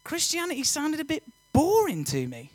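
A young man giving a lively, joking personal testimony talk to students, often quizzing the audience. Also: very high voice, normal speed, dry recording. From England. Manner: energetic, jokey, audience-engaging. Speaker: youth speaker.

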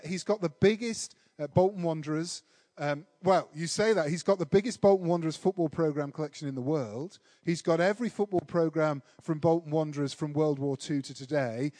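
Man, high-pitched voice, dry close sound, lively self-deprecating storytelling, sermon. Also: no room sound. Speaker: preacher.

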